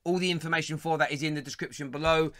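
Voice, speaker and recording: A man hosting a casual football fan phone-in, joking and teasing in playful loud bursts. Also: fairly high pitch, steady tone, very fast, dry recording. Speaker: host.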